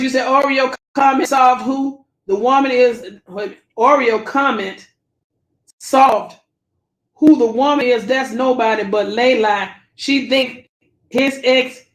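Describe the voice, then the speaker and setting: Woman host, high pitch, blunt repetitive commentary, roomy sound. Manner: blunt, preachy, repeats herself, Southern Black vernacular phrasing. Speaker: livestream host reading viewer comments. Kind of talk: casual commentary livestream.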